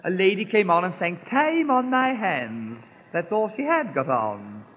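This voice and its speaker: A man's voice: high-pitched, sing-song, measured pace. A man playing a gushing, affected English society lady on a 1930s comic patter record, drawling and giggling. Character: gushing posh English society lady back from New York. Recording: scratchy 1930s record, tinny and echoey, faint music.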